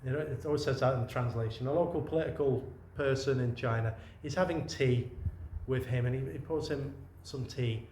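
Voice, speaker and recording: A man's voice: mid-range voice, a little fast, slight background noise. A man giving an informal dharma talk as a Zen teacher, meandering and conversational, often restarting his sentences. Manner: meandering, conversational, many restarts and soft asides. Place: meditation retreat room. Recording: roomy echo with faint ambience.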